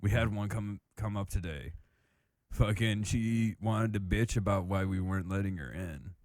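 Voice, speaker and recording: A man's voice: lowish voice, moderate pace, a little mellow, no echo, clean studio sound. A man from Michigan, a guest on a casual podcast, talking profanely and laughing a lot as he reads. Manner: profane, laughs through his reading. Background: music.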